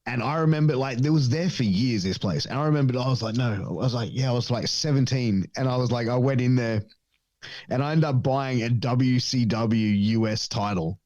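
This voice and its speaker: A man's voice: medium pitch, a little fast, a little mellow, no room sound, lo-fi sound. Profane, rambling man. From Australia. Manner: rambling, profane, many fillers, acts out voices in stories. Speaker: podcast guest. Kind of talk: casual storytelling chat.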